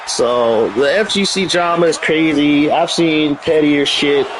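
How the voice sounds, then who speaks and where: A man chatting casually on a live stream, blunt and profane, laughing often as he answers his chat. His voice sits a little high for a man. A faint hum of room noise runs under it. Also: a little slow.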